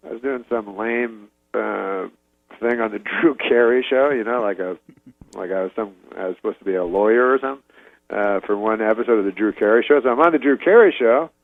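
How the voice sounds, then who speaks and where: A man from Canada, a comedian appearing as a talk show guest, telling a long anecdote in a halting, deadpan way. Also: on the low side, vocal fry, dry recording, phone-quality sound. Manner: halting, deadpan, full of fillers and restarts. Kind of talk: casual rambling anecdote.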